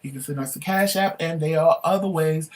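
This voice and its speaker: A man co-hosting a casual talk show, telling stories emphatically and indignantly, then running through promos briskly. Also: fairly high pitch, darkish tone, far from the mic.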